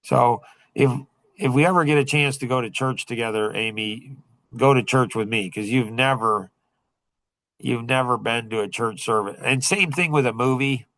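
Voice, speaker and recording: A man's voice: medium pitch, normal speed, fairly bright tone, no echo, rough recording. Rambling middle-aged man, dry close sound. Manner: rambling, with many fillers and restarts. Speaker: podcast host and coach. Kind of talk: casual talk to a small group.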